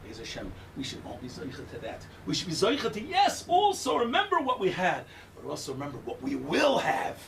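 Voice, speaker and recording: An older man giving an impassioned Tisha B'Av lecture in a synagogue, shouting at its peaks and using Hebrew terms with a Yiddish-style pronunciation. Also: a little high, huge pitch swings, brisk, gravelly, hardly any pauses, echoey room. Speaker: guest speaker. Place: synagogue hall. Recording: distant room mic with faint noise.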